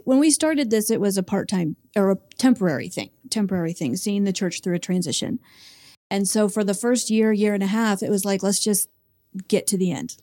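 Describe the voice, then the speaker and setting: Heartfelt pastor's wife, mellow voice. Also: female voice, medium pitch. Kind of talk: interview answers.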